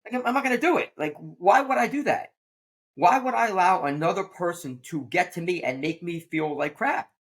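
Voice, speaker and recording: A man's voice: high-pitched, fairly quick. A man hosting a podcast, a teacher who talks in a blunt, plain-spoken way during casual conversation. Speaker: podcast host.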